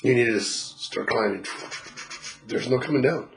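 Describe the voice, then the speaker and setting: Blunt and freely swearing, a male spiritual reader gives a client a casual reading, laughing often and acting out what people say. His medium-pitched voice is creaky and moves at a moderate pace, and the low-quality recording carries slight background noise.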